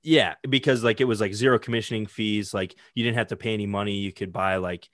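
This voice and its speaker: A man's voice: on the low side, fairly even intonation, quick pace, fairly bright tone, dry recording. A man in casual chat talks. He rambles loosely, leaning on "like" and the odd curse word. The recording is dry and close, with almost no room sound. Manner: rambling, heavy use of "like", swearing.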